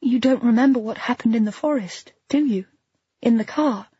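A woman voicing a soft-spoken, worried woman friend. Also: a little high, normal speed, slightly rough, no echo, muffled recording, voice pushed up. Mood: quietly probing. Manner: quiet and pleading. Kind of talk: audiobook character voice.

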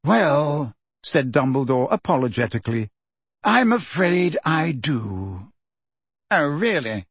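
A man reading an audiobook, voicing a calm, pleasant old male headmaster wizard with gentle irony. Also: high voice, a little slow, breathy edge, no room sound, voice pushed up, full character voice. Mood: gently ironic.

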